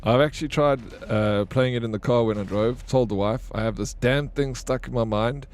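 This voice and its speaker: A young man live-streams a video game, bantering and joking with his chat and swearing freely. He has a mid-range voice and talks at normal speed.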